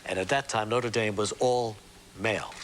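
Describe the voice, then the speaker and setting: A man's voice: on the low side, steady tone, normal speed, a bit bright. Older male host, chatty and teasing, tells long stories; grainy VHS tape with faint hiss. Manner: chatty storyteller, teasing guests. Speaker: morning show host. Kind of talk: casual chat, reading the news. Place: TV studio with live audience.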